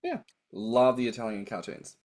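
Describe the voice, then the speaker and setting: Lively Australian co-host. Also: male voice, mid-range voice, moderate pace. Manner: chatty, affectionate, trying out phrases. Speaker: podcast co-host. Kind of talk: casual chat.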